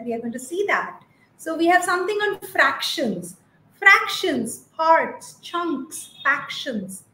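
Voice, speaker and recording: A woman's voice: sits high, a bit bright, reverberant, slight background noise, low-quality recording. A woman presenting a teacher training webinar, chatty and full of fillers, reading out attendees' comments.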